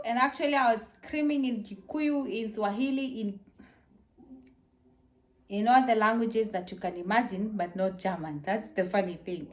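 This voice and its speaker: A young woman casually telling viewers her birth story, acting out her screams and the voices of others. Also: fairly high pitch. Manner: animated, acts out her screams and quotes.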